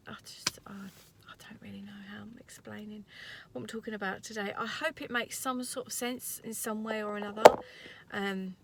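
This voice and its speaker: A woman's voice: medium pitch, fairly bright tone. A woman in her thirties recording an earnest, rambling motivational vlog from her parked car. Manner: earnest, rambling, tearful at times. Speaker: vlogger.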